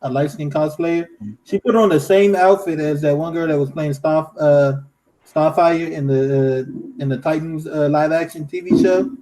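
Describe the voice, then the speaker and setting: Man with a mellow, slightly high voice. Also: steady tone, moderate pace, poor audio. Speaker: podcast co-host. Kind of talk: casual chat.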